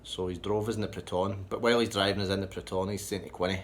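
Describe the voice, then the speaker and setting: A Scottish man with a Scottish accent telling a sweary, rambling comic anecdote in a deadpan way. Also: sits low, fast, hardly any pauses. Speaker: storyteller.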